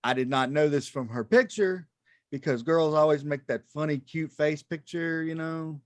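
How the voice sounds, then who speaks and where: A man performing stand-up into a stage mic, self-deprecating and halting, with plenty of ums between his jokes. His voice sits a touch high for a man, and the sound is close and dry. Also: no room sound. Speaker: stand-up comedian. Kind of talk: stand-up comedy set.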